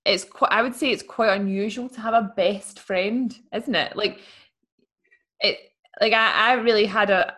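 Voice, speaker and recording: A woman's voice: mid-range voice, unhurried. Playful young woman podcast co-host. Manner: animated, playful, laughs while talking. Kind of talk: casual chat. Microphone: video call.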